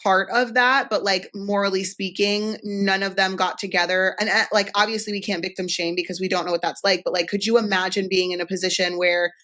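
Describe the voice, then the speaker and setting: A woman's voice: mid-range voice, fairly even intonation, a little fast, few pauses, fairly bright tone. A woman hosting a podcast, talking frankly and bluntly in casual chat, swearing easily, and sounding tired. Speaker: podcast host.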